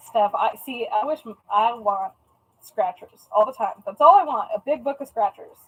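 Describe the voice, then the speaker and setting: A young woman with a high, light voice chats casually on a live stream as she packs orders at home. She is playful and talkative and keeps up an easy running commentary. She speaks like someone from the US West Coast. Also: expressive, moderate pace, breathy edge, rough recording. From US Pacific time zone. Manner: chatty and playful, tries out joking Spanish phrases. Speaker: live-stream host and online shop seller.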